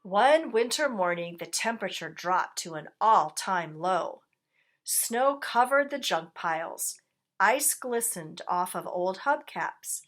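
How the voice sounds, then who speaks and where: A woman reading a picture book aloud to children, gently pausing to ask her listeners questions. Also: mid-range voice, animated.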